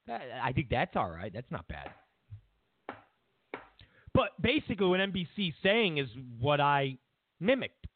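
A man's voice: on the high side, sing-song, normal speed, long pauses, dry recording. A man hosting a show, delivering a sarcastic comedic political monologue in a mocking tone over a tinny phone-like line. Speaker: host.

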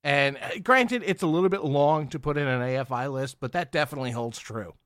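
A man's voice: mid-range voice, fairly quick, fairly bright tone, clean tone, dry recording, studio quality. A man co-hosting a podcast, chatting casually and hesitantly, stammering and restarting his words. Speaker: podcast co-host. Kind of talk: casual chat.

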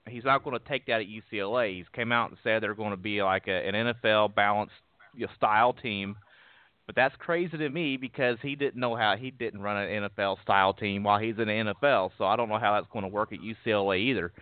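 A man hosting sports talk, with a lowish voice and a stumbling, restarting way of getting his points out. The sound is thin and phone-like, dry and close. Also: fast talker, clear, resonant tone, no room sound. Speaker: sports talk show host. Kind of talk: casual sports radio talk.

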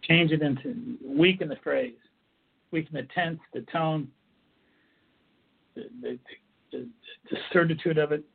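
A man's voice: a little high, measured pace, gravelly, long pauses, husky. A man giving an earnest instructional talk on coping techniques, often restarting his phrases as he explains. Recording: tinny phone-like audio.

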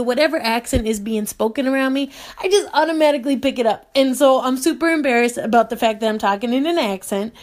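A woman hosting a radio show, giving a chatty, rambling introduction full of fillers and self-conscious asides. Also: on the high side.

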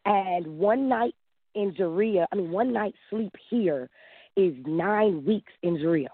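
A woman in her thirties calling in, telling a long personal story in a lively way, acting out quotes and laughing often. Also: medium pitch, slow, no room sound. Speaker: caller. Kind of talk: casual storytelling. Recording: dry tinny phone line.

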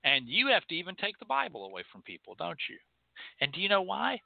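A man's voice: high-pitched, wildly swooping pitch, brisk, creaky, no room sound. A man hosts a show and delivers an angry, profane, scolding monologue. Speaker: host of a hoodoo and rootwork show. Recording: tinny phone-like line, dry.

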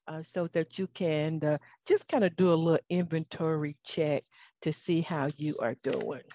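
A woman hosting her own talk show alone, speaking emotionally and warmly about faith to her listeners, with fillers and stammered restarts. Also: low voice, dry recording, studio quality. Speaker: talk show host and life coach. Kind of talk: solo talk show monologue.

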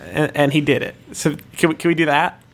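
A man's voice: on the high side, fairly even intonation, fairly quick, fairly bright tone. A young man improvising comedy bits on a podcast, rambling playfully and laughing as he goes. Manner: rambling and playful, often laughing while acting out characters. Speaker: podcast co-host.

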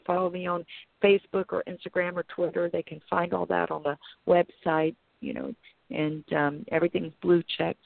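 A woman pastor tells a story with earnest intensity, acting out her own thoughts along the way. Her voice has a gravelly edge. It comes through a thin, tinny phone line with no room sound. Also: lowish voice, dry recording. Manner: earnest, dramatic retelling with quoted inner thoughts. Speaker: pastor and author guest. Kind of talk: emotional personal storytelling turning into preaching.

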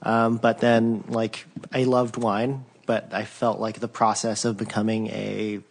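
A man's voice: fairly low pitch, level tone, a little slow, vocal fry, a little hiss or hum. A man who works as a restaurant beverage director, chatting casually as a podcast guest in an easygoing, laid-back way. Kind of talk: casual chat.

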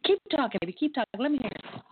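A woman's voice: high-pitched, animated, racing, husky. Flirty, playful woman host over a phone line. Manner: flirty, playful, lots of laughter. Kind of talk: casual call-in chat. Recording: dry tinny phone line.

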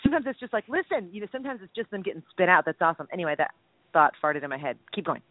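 A man co-hosting a casual radio chat, quick and jokey, excitable in his delivery. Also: sits high, no room sound. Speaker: co-host. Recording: tinny phone-like radio sound.

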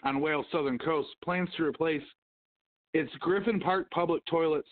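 A man's voice: a little high, moderate pace, a little hiss or hum. Swearing man on a tinny line. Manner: swears constantly, rambling storyteller. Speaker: podcast host. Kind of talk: casual profane chat. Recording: tinny phone-like audio.

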